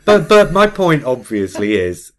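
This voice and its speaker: A man hosting a podcast in casual chat, animated and jokey, reading out a listener's email. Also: on the high side, measured pace. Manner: animated, jokey, laughs often. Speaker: podcast host.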